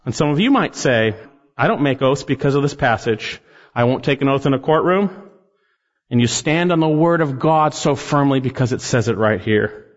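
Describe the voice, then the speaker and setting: A man preaching an expository sermon as a pastor, emphatic, rising on key phrases and slowing down to drive points home. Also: mid-range voice, animated. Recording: dull sound with long reverb in a large hall.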